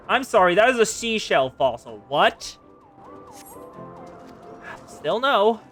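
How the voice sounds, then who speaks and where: A man's voice: fairly high pitch, a bit bright, far from the mic. A young man streaming a game, chatting casually, muttering to himself, swearing and talking to objects on screen. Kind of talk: casual gameplay commentary.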